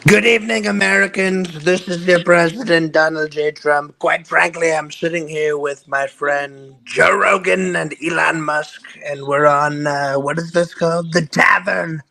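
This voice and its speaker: A man's voice: on the high side, steady tone, measured pace, gravelly, hardly any pauses, pushed and bright, heavily acted, low-quality recording. A man doing an impression of a boastful older president on a live stream, rambling and repeating "quite frankly". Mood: pompous.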